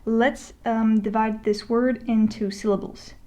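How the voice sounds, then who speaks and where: A woman with a slightly high voice narrates a Spanish grammar lesson over a whiteboard. She talks casually, with fillers and restarts. She slows down when she says the example words. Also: steady tone, warm tone. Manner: conversational, with many fillers and restarts, slowing to spell out example words. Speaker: Spanish teacher. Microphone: voice-over recording.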